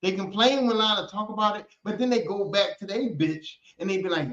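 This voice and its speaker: A man hosting a podcast, ranting casually and profanely in an animated way, and slipping into other voices to act out people he quotes. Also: high-pitched, brisk, hardly any pauses. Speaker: podcast host. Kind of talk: casual comedic rant. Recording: echoey room, dull lo-fi sound.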